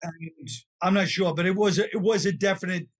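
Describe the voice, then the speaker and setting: A man's voice: high voice, fairly quick, slightly rough. A man, chatting as a comedian guest, wry and rambling, often trailing off mid-sentence. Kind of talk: casual podcast chat.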